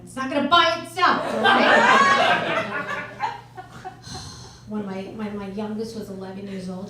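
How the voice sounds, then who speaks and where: A middle-aged woman performing a stand-up comedy set, brash and deadpan, working the crowd loudly. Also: medium pitch, heavy background noise. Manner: brash, deadpan punchlines, loud crowd work. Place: comedy club stage. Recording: echoey club from far off, loud crowd. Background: audience laughing and reacting.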